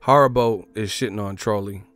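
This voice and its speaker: A man's voice: on the low side, a little fast, fairly bright tone, smooth, no room sound, faint music behind. A man hosting a boxing livestream, cursing, joking and laughing often in casual banter.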